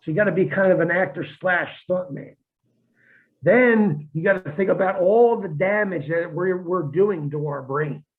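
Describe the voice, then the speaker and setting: A former wrestler on a podcast, talking in a blunt, profane, rambling way with many restarts. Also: male voice, high-pitched, normal speed. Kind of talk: casual podcast chat. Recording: tinny phone-like line.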